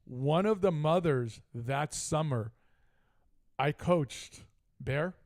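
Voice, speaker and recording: A man's voice: on the high side, takes it slowly. A middle-aged man co-hosting a casual sports talk show, telling a heated story with lots of asides. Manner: animated, heated retelling with frequent asides. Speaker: podcast co-host.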